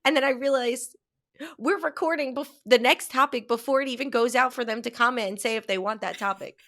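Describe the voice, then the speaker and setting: A woman's voice: a little high, fairly quick, sharp tone. A young adult woman from the United States co-hosting a podcast, chatting casually with rambling asides. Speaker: podcast co-host. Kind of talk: casual chat.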